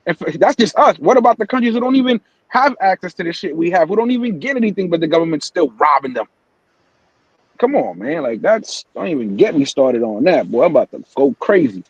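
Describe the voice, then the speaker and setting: A man's voice: sits high, animated, a little fast, dry recording, lo-fi sound. A man hosting a casual live-stream morning show, ranting heatedly and swearing often. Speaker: host.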